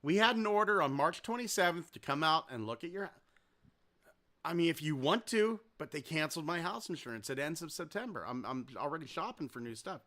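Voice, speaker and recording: A podcast host tells a story in a casual, rambling way, swearing freely and staying animated the whole time. His voice is high and bright, and he talks briskly.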